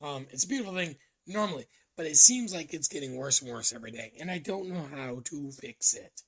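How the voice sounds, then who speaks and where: A man talking to camera in a casual personal vlog, halting and reflective, with many ums and restarts. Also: fairly high pitch, lively intonation, a bit bright. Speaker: vlogger.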